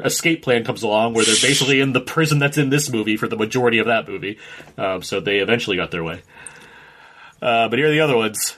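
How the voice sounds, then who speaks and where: A man's voice: mid-range voice, a bit bright. A man in his thirties co-hosting a casual film commentary, rambling and laughing often as he talks. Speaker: podcast co-host.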